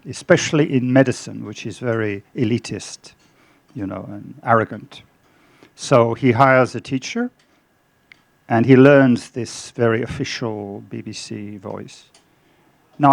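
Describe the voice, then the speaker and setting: Gravelly older man telling stories. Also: medium pitch, no room sound. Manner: anecdotal storytelling with frequent ums and pauses. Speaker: author giving a book talk. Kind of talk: lunchtime book talk. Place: club dining room.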